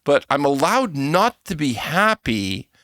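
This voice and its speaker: Canadian guy ranting on his podcast, gravelly, bright sharp tone, dry close sound. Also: fairly high pitch, slow pace, no room sound. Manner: animated, laughing, mocking quotes of politicians. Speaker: podcast host. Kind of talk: casual opinion rant.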